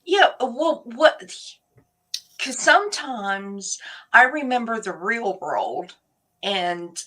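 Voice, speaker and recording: A woman's voice: a little high, sing-song, slow pace, bright, forceful tone. A woman hosting a casual chat stream, talking in a rambling, chatty way and laughing often. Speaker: host.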